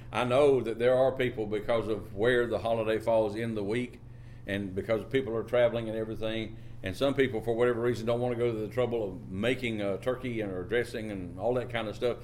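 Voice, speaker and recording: A man preaching a sermon, drawing out phrases and lifting his pitch on key words, reading scripture in old-fashioned wording. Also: darkish tone, slight background noise. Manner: reads scripture in King James wording.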